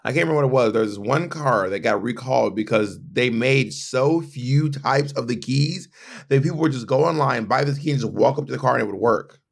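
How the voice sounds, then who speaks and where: A man's voice: mid-range voice, expressive, fairly quick, creaky. A man co-hosting a podcast in casual, opinionated chat, often restarting his sentences. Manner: chatty and opinionated, frequent restarts. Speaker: podcast co-host.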